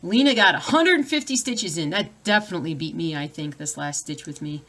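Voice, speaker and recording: A woman's voice: on the low side, a little fast, a bit bright, a little hiss or hum. A woman chatting casually on a live stream at home, reading viewer comments aloud and breaking off to deal with her dogs. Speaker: cross-stitch vlogger.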